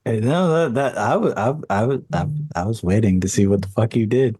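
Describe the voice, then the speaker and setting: Drunk male guest, husky and lower, lively swearing banter. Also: brisk, no room sound. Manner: loose, swearing, laughing banter.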